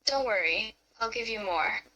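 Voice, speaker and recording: Romance role-play read: woman as a commanding young lover, bright and high-pitched, soft teasing murmur. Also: expressive, moderate pace, lo-fi sound. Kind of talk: first-person romance role-play reading.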